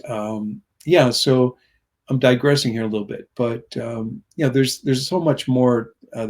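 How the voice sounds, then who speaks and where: Earnest rambling man telling stories. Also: on the low side. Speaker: guest. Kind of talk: conversational storytelling.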